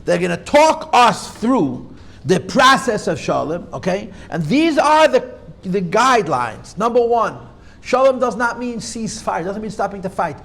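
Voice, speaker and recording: A rabbi teaching a class in an emphatic lecture style. He repeats his key points forcefully and mixes Hebrew and Yiddish terms into his English. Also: sits high, very animated, normal speed, creaky.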